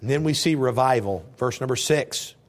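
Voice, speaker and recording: A middle-aged male preacher delivering a sermon with animated storytelling. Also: medium pitch, moderate pace. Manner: animated storytelling, acting out scenes in voices.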